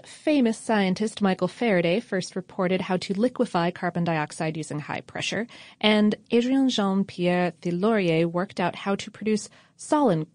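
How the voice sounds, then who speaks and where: A woman's voice: on the low side, no room sound, studio quality. A woman co-hosting a casual history podcast, reading out facts with wry offhand asides. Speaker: podcast co-host.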